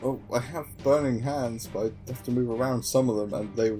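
Excitable man playing a tabletop game. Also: mid-range voice, brisk, soft background music. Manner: excitable, laughing, swears. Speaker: player. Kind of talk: casual tabletop play.

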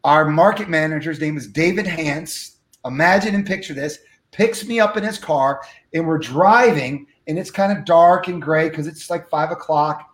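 A man telling a story from his life as an interview guest, acting out the dialogue with lively energy. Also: on the high side, reverberant. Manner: animated, acts out dialogue. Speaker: guest speaker.

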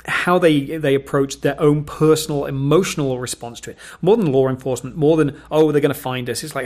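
A man co-hosting a casual film review chat, talking thoughtfully with frequent restarts and fillers. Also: fairly high pitch. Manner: thoughtful, hesitant, many restarts. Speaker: film review podcast co-host.

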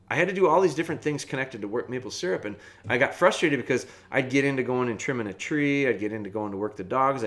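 A man in the middle of his pitch range tells a long personal story at his own easy pace. He rambles, circles back to correct himself and laughs at his own missteps, like a host chatting on his podcast. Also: a bit bright. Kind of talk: casual storytelling.

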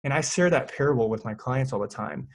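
Fast-talking man telling a story. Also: mid-range voice. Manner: animated storyteller, lots of fillers. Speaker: fitness coach. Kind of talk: casual podcast chat.

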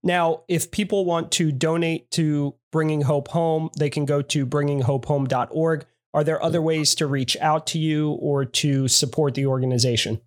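Male interviewer, friendly and encouraging, voice on the higher side. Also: fairly even intonation, moderate pace, hardly any pauses. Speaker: podcast host. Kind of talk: podcast interview.

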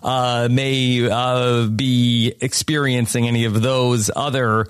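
A man hosting a casual chat show, halting and full of pauses. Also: mid-range voice, little pitch movement, clean tone, dry recording, clean studio sound. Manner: halting, lots of filler pauses. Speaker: podcast host.

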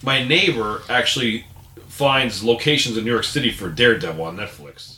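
A man's voice: medium pitch, expressive, normal speed, bright, forceful tone, slight background noise. A man guesting on a podcast, telling self-mocking stories in casual chat. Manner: self-mocking, laughing storyteller. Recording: echoey room.

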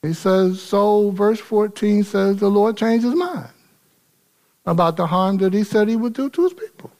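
A man's voice: sits high, a little slow, a little mellow. A male pastor preaching a casual, folksy sermon, acting out dialogue with rising intensity.

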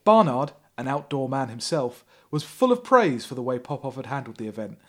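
A man's voice: mid-range voice, very animated, brisk. A man hosting a podcast who reads a thriller novel aloud with heavy sarcasm, laughing often and breaking off to mock the text. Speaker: podcast host. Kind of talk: comic reading of a thriller novel.

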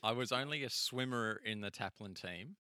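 A man's voice: mid-range voice, moderate pace, bright, forceful tone, no room sound. An easygoing man hosting a casual chat, laughing often.

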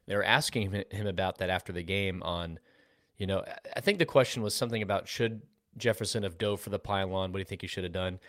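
Lower-voiced man explaining steadily. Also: fast, no room sound, clean studio sound. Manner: steady, explanatory, tells examples. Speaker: podcast co-host. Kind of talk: casual sports chat.

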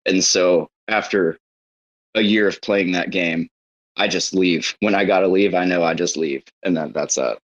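A man's voice: low-pitched, normal speed, muffled recording. A man chatting casually on a live audio chat, with a dry sense of humour.

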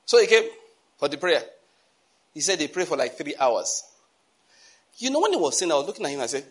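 A man with a Nigerian accent preaching a storytelling sermon, animated, with pidgin phrases mixed in. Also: sits high, brisk, pauses often, husky. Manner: animated, laughing asides, mixes in pidgin.

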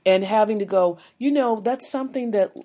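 A woman chatting casually in a group, an animated storyteller who laughs often and acts out voices. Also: medium pitch, a little fast.

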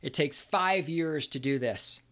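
A man's voice: fairly high pitch, a little slow, fairly bright tone. A middle-aged man hosting a solo podcast, telling stories in a sarcastic, profane rant. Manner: ranting, profane, sarcastic storytelling. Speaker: podcast host.

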